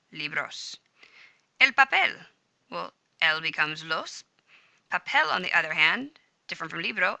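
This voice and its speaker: A woman's voice: lowish voice, vocal fry, sharp tone, dry recording, rough recording. A woman teacher walking students through Spanish grammar notes on screen, upbeat and chatty, catching and fixing her own slips. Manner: upbeat, chatty, self-correcting. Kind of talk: screen-recorded grammar lesson. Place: home room with a smart speaker.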